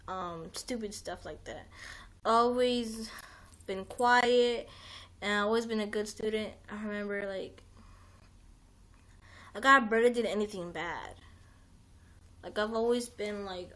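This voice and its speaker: Young woman streamer, fairly high voice, loose rambling delivery with lots of "like" and restarts. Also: a bit bright. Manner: rambling, heavy use of "like", frequent restarts, swears. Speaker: livestream host. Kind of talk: casual rambling chat.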